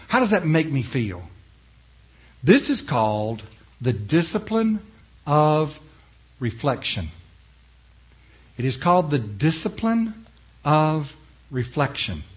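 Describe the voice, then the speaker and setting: A male pastor preaching a sermon in an emphatic way, swinging from hushed to loud and putting rhetorical questions to the congregation. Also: fairly high pitch, slightly rough.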